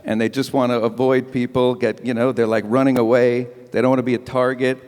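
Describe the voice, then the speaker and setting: Medium in pitch, this man talks fairly quickly and barely pauses. At an evening event he does animated, chatty stand-up full of self-mockery and acted-out bits, before a live audience in an event hall whose long reverb colors the recording.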